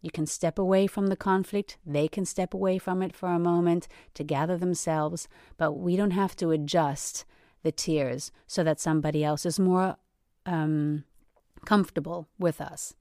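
A woman's voice: lowish voice, fairly even intonation, moderate pace, mellow, dry recording, studio quality. A woman hosting a podcast, talking earnestly and emphatically, often checking in with "right?". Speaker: podcast host. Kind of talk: reflective solo podcast talk.

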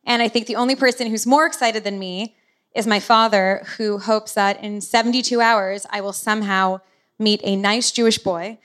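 A woman hosting a podcast while sick and hoarse, telling a personal story openly from the stage. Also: medium pitch, steady tone, moderate pace, a bit bright. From United States. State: lost voice, sick. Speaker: podcast host. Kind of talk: podcast intro and live stage talk.

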